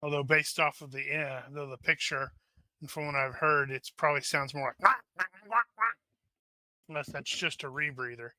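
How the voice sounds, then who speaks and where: A man's voice: mid-range voice, level tone, brisk, sharp tone, no echo. A man playing a tabletop role-playing game, joking around and often restarting his sentences. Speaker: player. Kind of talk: casual chat at a game table.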